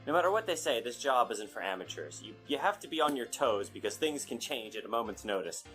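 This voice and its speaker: A man narrating a video game in a measured, scripted manner. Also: mid-range voice, very animated, a bit bright, soft background music.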